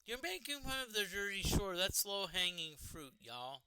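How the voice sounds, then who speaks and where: A man's voice: sits high, big pitch swings, normal speed, bright, forceful tone, smooth, low-quality recording. A man casually commenting while streaming a retro role-playing game, chatting to the game and to his party members.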